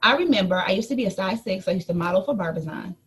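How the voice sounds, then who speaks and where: A woman in her thirties, a life coach, telling a personal story in a lively motivational talk to her audience. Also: medium pitch, fast talker, slightly rough. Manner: animated storytelling, addresses listeners as y'all.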